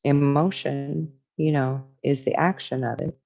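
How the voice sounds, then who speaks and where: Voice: medium pitch, fairly even intonation, measured pace, vocal fry, darkish tone, muffled recording. A spiritual teacher talking casually and reflectively, reading from a book and musing on its ideas.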